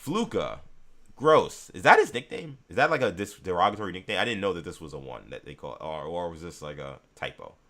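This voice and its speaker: A man hosting a live sports talk show, reacting to viewer chat and ranting in an animated way about the news. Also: low voice, fairly quick.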